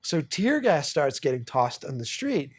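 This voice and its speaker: A man's voice: a little high, very animated, a little slow, breathy edge. A man from Boston in his thirties, hosting a podcast and telling a rambling story in casual chat, swearing freely and laughing as he talks. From Boston, USA. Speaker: podcast host.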